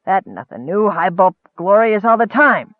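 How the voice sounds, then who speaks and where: A man's voice: sits high, sing-song, normal speed, no echo. A man voicing a grumpy, self-important dwarf king who grumbles in broken simple grammar, recorded narrow and dry. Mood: grumbling.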